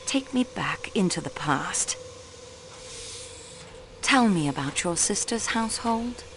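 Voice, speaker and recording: An actress playing a sharp young railway clerk questioning suspects in a calm, ironic, probing way. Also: female voice, mid-range voice, slow, slight background noise, low-quality recording. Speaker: investigator.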